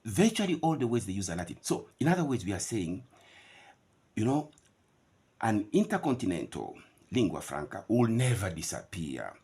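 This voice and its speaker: A middle-aged man teaching English pronunciation in a lecture, repeating each word slowly as a model. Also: lowish voice, sing-song, a little mellow, breathy edge.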